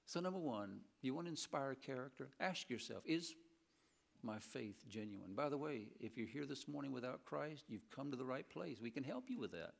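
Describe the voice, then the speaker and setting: A man preaching an animated sermon in a church and mixing in humorous stories. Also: mid-range voice, moderate pace, vocal fry. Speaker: pastor. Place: church sanctuary.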